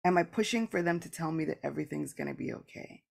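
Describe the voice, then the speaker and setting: A woman hosts a candid spiritual podcast, speaking fast in a low, gravelly voice. She's earnest and reflective, drops lots of casual "like" asides, and often acts out both sides of conversations she remembers.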